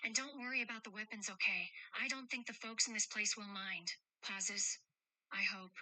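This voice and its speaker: Woman doing a caring protector of kids, affectionate, teasing, very bright tone, close dry sound. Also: mid-range voice, steady tone, moderate pace, dry recording, poor audio. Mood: tender, playful. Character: caring adult woman protecting two children. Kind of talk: role-play chat read aloud with stage directions.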